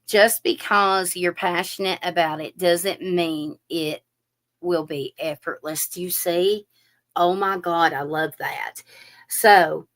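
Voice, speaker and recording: A tarot reader speaks slowly in a fairly low voice during a chatty live-stream reading. Animated throughout, she addresses her audience directly and uses lots of fillers.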